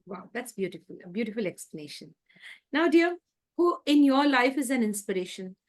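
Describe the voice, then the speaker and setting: Woman host, interview, slightly high voice, gushing and repetitive in her praise. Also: sing-song, normal speed. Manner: effusive, repeats praise.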